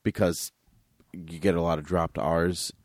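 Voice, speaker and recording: Man, very deep voice, rambling movie podcast chat, dry close sound. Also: flat delivery, unhurried, no room sound. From Massachusetts. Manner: chatty, rambling, easily laughing. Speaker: podcast co-host.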